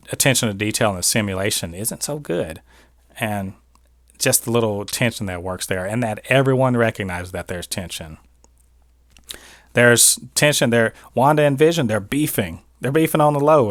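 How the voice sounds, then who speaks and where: A man hosting a casual TV review show, talking in an animated, opinionated way with many restarts and asides. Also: lowish voice, no room sound, studio quality. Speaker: podcast host reviewing TV. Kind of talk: casual spoiler review monologue.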